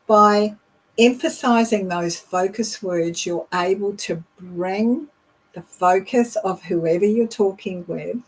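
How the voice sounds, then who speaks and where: A middle-aged woman leadership coach teaching voice techniques in a deliberate, demonstrative way. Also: medium pitch, husky, rough recording. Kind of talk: instructional talk.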